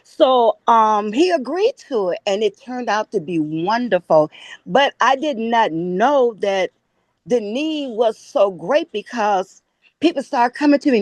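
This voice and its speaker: A woman guest with a Chicago accent, telling a lively story and acting out the quoted dialogue. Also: a little high, unhurried, no room sound. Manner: animated, acts out quoted dialogue. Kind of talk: casual storytelling.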